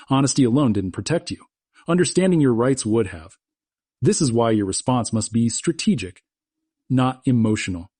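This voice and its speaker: A man's voice: medium pitch, warm tone, breathy edge, no echo, studio quality. A man giving a scripted explainer narration in a firm, instructive way, with short punchy sentences.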